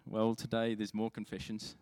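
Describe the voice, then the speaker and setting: A man's voice: fairly low pitch, monotone, moderate pace, a little mellow. A man preaching a sermon as pastor, telling stories in a chatty, self-mocking way with frequent restarts. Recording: long hall reverb.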